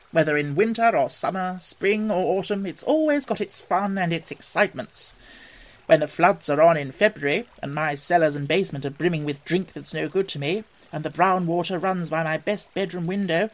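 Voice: mid-range voice, natural voice. A reader voicing a genial, leisurely male water rat who talks dreamily and with relish about life on the river, in a storybook reading. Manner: dreamy, enthusiastic, expansive.

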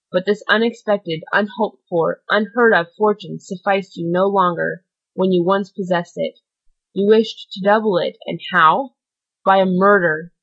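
A woman's voice: lowish voice, highs cut off. A woman voicing a stern solemn priest. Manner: grave, measured, admonishing.

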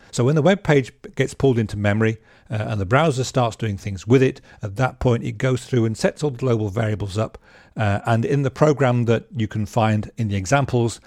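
A man's voice: medium pitch, darkish tone, no echo. Chatty man teaching programming, dry sound. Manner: chatty, joking asides, frequent ums and restarts. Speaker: programming instructor. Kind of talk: casual spoken lesson.

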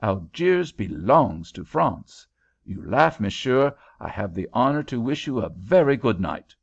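A man reads as a proud, easily offended Frenchman, his voice lifted well above a plain speaking tone and bristling with formality. The gravelly reading comes through a dull lo-fi recording. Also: mid-range voice, very animated, unhurried, pitched above the performer's own voice, heavily acted. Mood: angry. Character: indignant patriotic middle-aged Frenchman.

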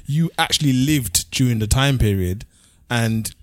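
A man's voice: medium pitch, measured pace, no room sound. A man co-hosting a casual podcast chat, agreeing along and then pushing back with reasoned points. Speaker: podcast co-host.

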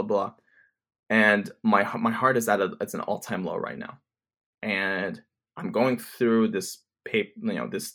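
A man in his twenties, his voice fairly low and a touch bright, tells a story to camera. He talks fast and casually, rambling, swearing, and restarting again and again.

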